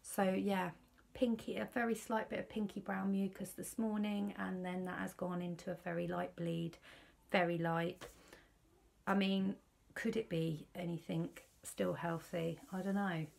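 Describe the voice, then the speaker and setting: A woman's voice: fairly low pitch, flat delivery, unhurried, creaky, darkish tone. A British woman in her thirties vlogging at home, talking in a worried, rambling, confiding way. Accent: British English. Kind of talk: candid personal vlog.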